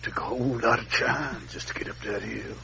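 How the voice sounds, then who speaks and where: An actor playing a self-serious male method actor in a film comedy, gruff and lecturing. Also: mid-range voice, steady tone, a little fast, bright, forceful tone, a little hiss or hum. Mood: preachy. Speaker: film character.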